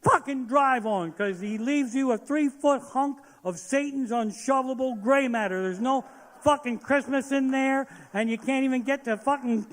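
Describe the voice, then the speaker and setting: The clip features a male comedian's crude, expletive-filled stand-up rant in a theater, delivered in a very high-pitched voice at a moderate pace. Long reverb from the hall fills the recording.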